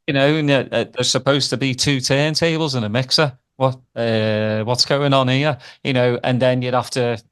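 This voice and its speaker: A man hosting a casual interview, talking in a relaxed, reflective way with many fillers. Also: medium pitch, normal speed, few pauses, smooth. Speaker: podcast host.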